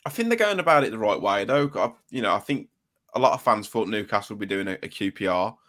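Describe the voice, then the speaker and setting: A man's voice: fairly low pitch, animated, fast talker, a bit bright. A man hosting a casual football podcast, chatting and reeling off player names. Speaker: podcast host.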